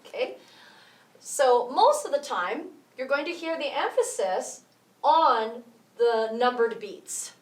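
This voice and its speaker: A woman with a slightly high, animated voice teaches a rhythm lesson at a slow pace, walking through each step and counting the beats out loud. She sounds a bit distant, and the room adds a noticeable echo.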